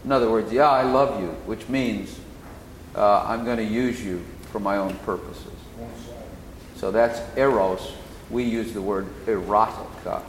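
A man teaching the Bible in sermon style, slowly explaining and repeating key phrases. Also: on the low side, steady tone. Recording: echoey hall, faint noise.

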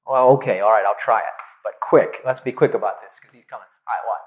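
A man's voice: fairly low pitch, fast, dull audio, voice pushed down, lightly acted. A man voicing a panicked male prophet who pleads frantically with God. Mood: grudging.

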